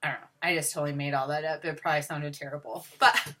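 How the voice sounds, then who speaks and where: A young woman talking casually to her sales team, chatty and upbeat, often pausing on ums and restarting her sentences. Her voice is bright and a little low for a woman. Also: fairly even intonation. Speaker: team leader.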